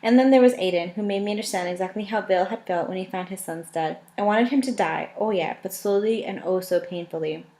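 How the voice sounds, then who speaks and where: A woman's voice: mid-range voice, quick pace, hardly any pauses, mellow. Woman casually reading a novel aloud. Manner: casual, with slips, self-corrections and laughs. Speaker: audiobook reader. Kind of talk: first-person novel narration.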